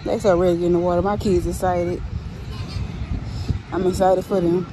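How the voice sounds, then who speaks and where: Young mom chatting on a noisy beach. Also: female voice, lowish voice, moderate pace, a crowd in the background. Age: 20s. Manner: relaxed, chatty, coaxing her toddler in a singsong. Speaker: vlogger, pregnant mother. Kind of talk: casual vlog chat. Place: outdoors on a beach. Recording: loud beach noise behind.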